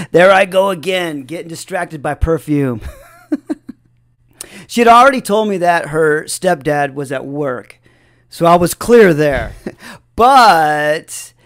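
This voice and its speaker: Brief: male storyteller, unhurried, reflective, light chuckles throughout. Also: fairly high pitch, expressive. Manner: chuckles often between sentences.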